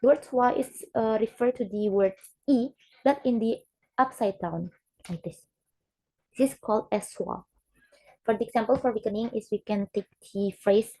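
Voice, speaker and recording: A young woman, a student giving a class presentation, who talks haltingly and repeats example words aloud. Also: fairly high pitch, creaky, warm tone, low-quality recording. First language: Indonesian.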